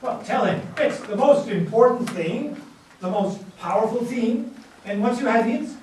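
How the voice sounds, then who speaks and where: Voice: medium pitch, measured pace, darkish tone, lightly acted. A performer playing a boastful conquistador who talks of gold and power, impatient and pushy, calling out to the audience in a live puppet show. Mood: insistent. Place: live stage before an audience. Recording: very echoey, distant mic, faint noise.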